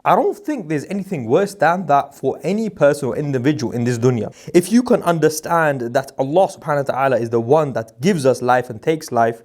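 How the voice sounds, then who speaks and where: A man's voice: on the high side, a little mellow. A young man giving a casual, chatty motivational talk to camera, mixing slang with religious phrases. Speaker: recruitment business vlogger.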